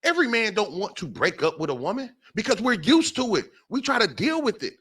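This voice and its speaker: Animated, bright-voiced male podcast host. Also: high-pitched, brisk, husky. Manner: emphatic, repeats phrases for stress. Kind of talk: impassioned monologue.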